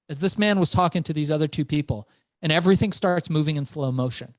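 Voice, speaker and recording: A middle-aged man, an entrepreneur guest, telling his story in an animated interview and repeating words as he goes. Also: fairly high pitch, fast, no room sound.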